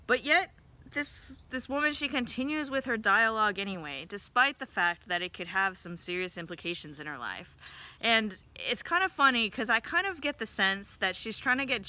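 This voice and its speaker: A woman leads a church devotional with a very bright, keen-edged voice. She talks in a relaxed, conversational way and often tosses in "right?" as she goes. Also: lowish voice. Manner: conversational, questioning, frequent "right?" and "kind of" hedging. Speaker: devotional leader. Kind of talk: informal devotional talk.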